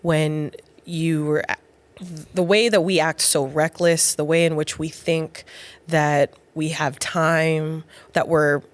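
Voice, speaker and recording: A woman in her thirties or forties co-hosting a podcast, speaking slowly and reflectively about her faith. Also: low-pitched, level tone, no echo. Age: 30s to 40s. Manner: reflective, slow with pauses. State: emotional. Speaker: podcast co-host. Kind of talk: heartfelt faith conversation.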